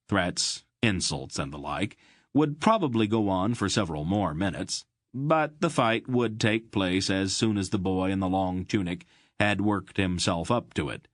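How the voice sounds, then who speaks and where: Man, audiobook narration, measured, fairly low voice, dry close mic. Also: fairly bright tone, no echo. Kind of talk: scripted narration.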